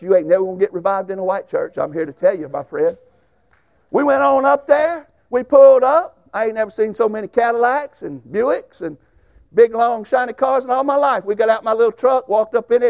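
A man preaches in a folksy, emphatic storytelling manner. His voice sits high for a man. The recording is a little dull and muffled. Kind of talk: sermon with personal stories.

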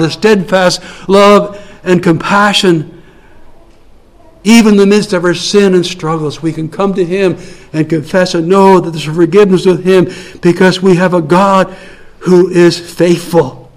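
A man preaching a sermon with a slightly high voice. He is earnest and leans on repetition, drawing key phrases out slowly. He drops to soft, low passages and then lifts to louder lines.

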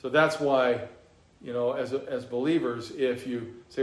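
A man's voice: mid-range voice, fairly even intonation, unhurried. Conversational man preaching in an echoey room. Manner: conversational preaching with rhetorical questions. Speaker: pastor. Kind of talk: expository sermon.

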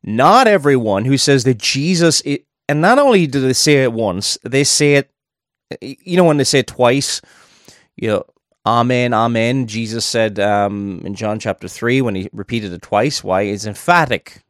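A man delivers a sermon in a relaxed, conversational way, pausing for asides as he works through a verse. His voice sits at a mid pitch. The sound is dry and close, with no room echo. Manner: conversational, thinking aloud with asides. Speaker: preacher.

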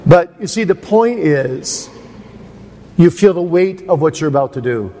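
A man's voice: on the high side, expressive, measured pace, mellow. Man preaching in a reverberant hall. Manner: conversational, anecdotal, self-deprecating. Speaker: preacher at a seminar. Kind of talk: teaching sermon.

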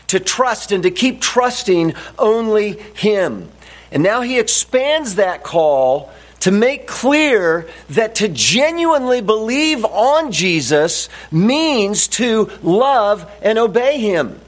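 A man preaching a sermon as a pastor, deliberate and emphatic, repeating his key phrases. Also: high voice, lively intonation.

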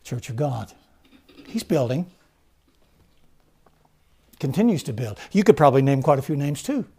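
A man preaching a sermon, rising to loud fervent emphasis and then dropping to low, quiet stresses. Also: sing-song, moderate pace, slightly rough. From United States.

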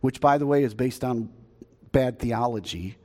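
Southern pastor preaching in a reverberant hall. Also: male voice, mid-range voice, moderate pace, warm tone. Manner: conversational, folksy, asks the congregation questions. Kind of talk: sermon. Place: church sanctuary.

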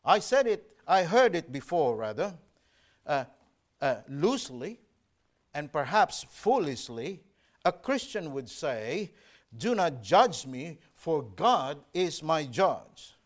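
A male preacher delivers a sermon in an earnest, emphatic way, pausing over his scripture readings. His voice sits a little high, and his pitch rises and falls a great deal. He takes his time, with an unhurried pace. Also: very animated. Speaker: pastor.

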